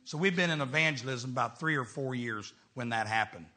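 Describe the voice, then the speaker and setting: A middle-aged man, preaching a storytelling sermon as a traveling evangelist, swinging between shouts and hushed tones. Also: mid-range voice, a little fast.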